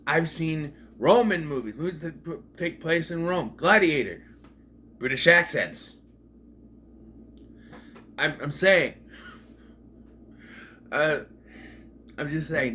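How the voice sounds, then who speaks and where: A man's voice: fairly high pitch, fairly bright tone, a little hiss or hum. A man giving a casual, rambling retrospective of a TV episode at home, with jokey asides. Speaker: video reviewer.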